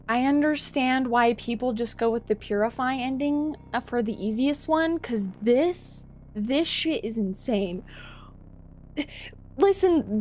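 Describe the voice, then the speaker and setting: A young woman with a high voice gives live commentary while streaming a game. Her talk is slow and drawn out, and she is emotional, with frequent pleading, exclaiming and swearing. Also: slight background noise.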